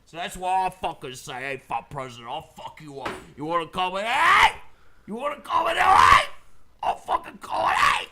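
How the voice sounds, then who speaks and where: A man's voice: mid-range voice, a little fast, hardly any pauses, heavy background noise, lightly acted. A man doing a put-on Cockney voice as a brash, crude London bloke. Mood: rowdy. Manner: loud, boastful, crude. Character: brash rowdy London bloke, adult male.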